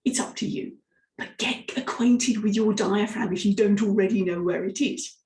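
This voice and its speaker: A woman leading a lively, hands-on vocal warm-up lesson as a speaking coach. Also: medium pitch, moderate pace. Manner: lively, demonstrative, guides listeners through exercises. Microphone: microphone, sometimes stepping close. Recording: roomy echo.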